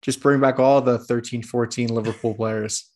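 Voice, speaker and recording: A man's voice: medium pitch, steady tone, normal speed, darkish tone. A man co-hosting a sports podcast, teasing his co-host in a dry way. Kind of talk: casual sports podcast chat.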